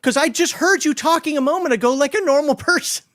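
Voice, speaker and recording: A man's voice: very high voice, fast, a bit bright. A man in casual stream chat who gives his views bluntly and laughs between his points. He talks plainly and freely, with no polish.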